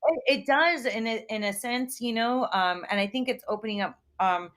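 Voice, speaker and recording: A woman's voice: fairly high pitch, moderate pace, a bit bright. A woman, a comedian and actress, chatting as a guest over a video call, bubbly and laughing often. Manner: bubbly, laughs often, slips into playful put-on voices. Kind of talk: casual video call interview.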